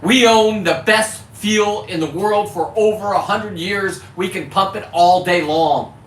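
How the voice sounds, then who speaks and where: Male fisherman vlogger from California, heated profane monologue, forceful bright tone, distant echoey mic. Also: sits high, measured pace. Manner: heated, profane, self-correcting about cussing. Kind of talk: ranting monologue to camera. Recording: echoey, distant mic with faint background noise.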